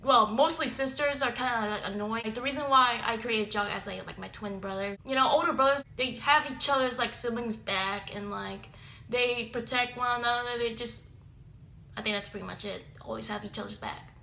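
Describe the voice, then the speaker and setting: A woman's voice: a little high, normal speed, creaky, sharp tone, slight background noise. A young woman YouTuber reacting to her old videos in rambling casual talk, full of fillers and self-deprecating asides.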